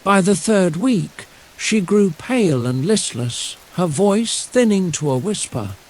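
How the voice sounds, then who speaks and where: A man reads a fairy tale at bedtime in a slow, soothing, lyrical voice. His pitch sits a little high and moves a great deal as he lingers over each phrase. Steady rain falls in the background. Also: a little hiss or hum, poor audio. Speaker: storyteller. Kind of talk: scripted bedtime story narration. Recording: steady rain sounds behind.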